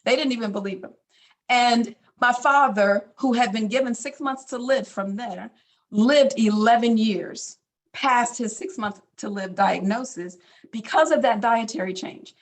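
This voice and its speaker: A woman's voice: fairly high pitch, unhurried. Chatty storytelling woman, middle-aged. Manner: casual storytelling, many fillers. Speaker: physician speaker. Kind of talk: personal testimony talk.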